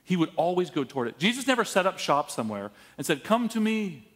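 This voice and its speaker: A pastor preaching a sermon, telling stories with playful asides. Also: male voice, fairly high pitch, quick pace. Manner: animated storytelling with playful asides and laughs. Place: church sanctuary. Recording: long church hall reverb.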